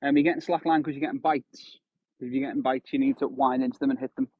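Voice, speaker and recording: Out on a windy shore, a man in his thirties streams his fishing trip and chats loosely with viewers. His husky, mid-range voice holds a steady tone and moves quickly, captured as dry, tinny phone audio without echo.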